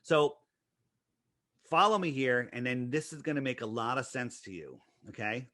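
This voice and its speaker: Man, interview guest: insistent, piles up rhetorical questions; bright, forceful tone, dry close sound. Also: medium pitch, moderate pace, no room sound. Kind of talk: conversational explanation.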